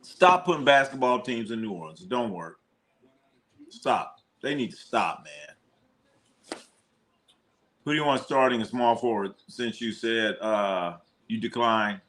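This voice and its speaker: A man hosting a live sports watch party, talking loosely and animatedly, quick to laugh and swear as he reacts to the game. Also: mid-range voice, animated, a bit bright. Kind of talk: casual live sports commentary.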